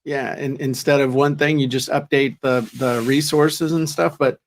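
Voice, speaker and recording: A man's voice: mid-range voice, steady tone, moderate pace. A man co-hosting a podcast, talking in a chatty, joking, self-deprecating way. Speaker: podcast co-host. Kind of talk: casual chat.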